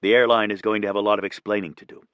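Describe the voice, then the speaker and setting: A male narrator voicing a weary, wry woman who talks with quiet, dry understatement. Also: fairly low pitch, flat delivery, rapid-fire, clean tone, no room sound, highs cut off, lightly acted.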